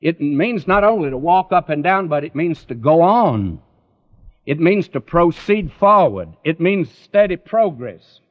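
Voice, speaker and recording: A man preaching a sermon in a slow, emphatic cadence that rises and falls, directly addressing his listeners. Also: fairly high pitch, animated. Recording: dull lo-fi recording.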